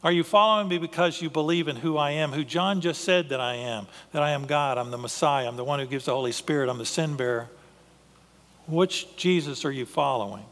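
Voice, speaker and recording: A male pastor delivers a sermon in a high, bright voice. He is earnest and thinks aloud, often stopping to restart a sentence. The sound carries a long reverb, as in a large hall. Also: fairly quick. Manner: earnest, with frequent restarts and filler.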